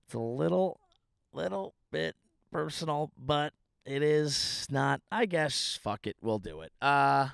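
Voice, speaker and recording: A comedian and podcast host delivers a casual monologue on his own show outdoors by a ditch at a family home, telling rambling, profane, self-deprecating stories. His slightly high voice is slow and creaky yet fairly bright, clear and resonant, with lively intonation. The recording is dry and clean, of studio sound.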